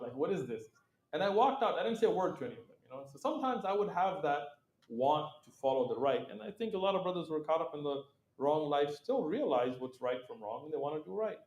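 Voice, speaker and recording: A middle-aged man as an interview guest, telling stories in a lively, casual way, acting out quoted voices and laughing often. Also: on the high side, roomy sound.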